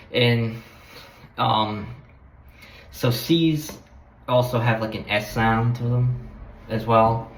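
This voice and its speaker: A man's voice: medium pitch, a little hiss or hum. A man talking about languages in a casual, rambling way, hesitant, with many fillers and restarts. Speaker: language-learning vlogger. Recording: echoey room with faint background ambience.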